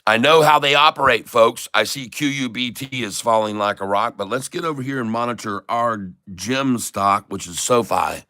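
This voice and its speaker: A man hosts a live trading stream, talking to his viewers in a chatty, folksy way. He rattles off strings of price numbers, and his voice has a bright, forward edge at an ordinary middle pitch. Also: normal speed, hardly any pauses. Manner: reads out price numbers in runs.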